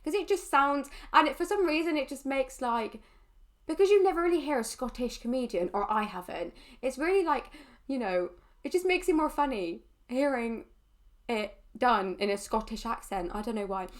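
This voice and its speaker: A woman's voice: sits high, expressive, moderate pace. A woman chatting casually in a reaction video, rambling and chatty with lots of fillers. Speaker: YouTuber reacting to a comedy clip.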